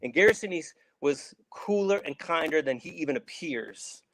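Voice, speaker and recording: A man's voice: fairly high pitch, expressive, moderate pace, a bit bright, no echo, low-quality recording. A middle-aged man from Saint Louis, an actor guest telling rambling stories with many restarts and acted-out quotes. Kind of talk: casual storytelling.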